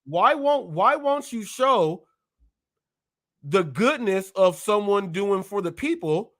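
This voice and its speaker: Male livestream host with a high voice, emphatic and repetitive, challenging his viewers. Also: very animated, slow, fairly bright tone. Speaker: live show host. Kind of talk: heated livestream talk.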